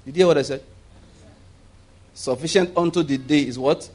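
Male preacher, slightly high voice, conversational sermon with call-and-response. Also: normal speed, a little mellow.

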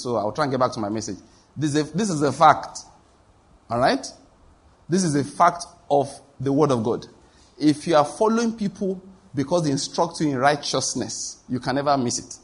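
With a fairly high, breathy-edged voice, this pastor tells stories from the pulpit, giving each character a voice of its own. He often laughs at his own anecdotes as he preaches.

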